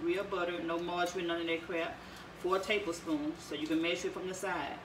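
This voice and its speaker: A woman's voice: lowish voice, level tone, fast talker. A woman making a casual cooking vlog in her home kitchen, chatty and rambling, stumbling over her words as she goes. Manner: chatty, rambling, stutters and restarts. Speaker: home cook vlogger. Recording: home recording with clear kitchen noise. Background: clinking pots, pans and cutlery.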